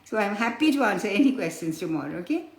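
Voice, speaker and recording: A woman gives a spiritual discourse, patiently explaining and telling stories while fondly calling her listeners children. Her medium-pitched voice is very animated and fast, with vocal fry, and the recording has a roomy echo.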